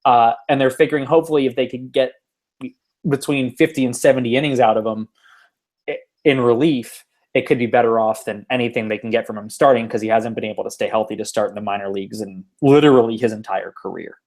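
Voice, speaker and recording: A man's voice: medium pitch, steady tone, fast, darkish tone. A man hosting a casual sports podcast over an online call, rambling with fillers and restarts. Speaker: podcast host. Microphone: home computer mic over an online call.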